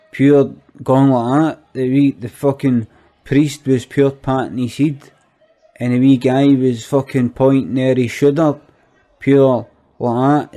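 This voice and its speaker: Guy doing a skint glasgow ned type, swears every other word, slow mellow drawl. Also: medium pitch, close to an everyday voice. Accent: Glaswegian. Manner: rambling, swears constantly, repetitive. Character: foul-mouthed skint young Glasgow man, incredulous. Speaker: comic monologue character. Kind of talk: sweary comic rant.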